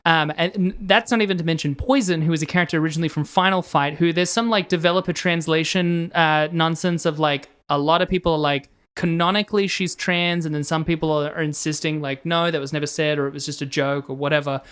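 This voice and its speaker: A woman's voice: low voice, fairly even intonation, quick pace, few pauses, clear, resonant tone. A woman co-hosting a podcast, explaining game lore with wry enthusiasm. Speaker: podcast co-host. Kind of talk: casual podcast chat.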